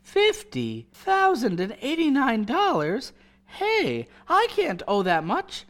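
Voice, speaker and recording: An actor playing a flustered, excitable husband and father in a 1940s radio drama. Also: extremely high pitch, slow, full character voice. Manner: flustered, exclaiming.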